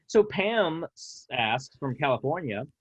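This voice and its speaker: Husky, animated male host. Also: on the high side, a little slow. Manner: animated, reads audience questions. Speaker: interview host, program director. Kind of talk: moderating a Q&A.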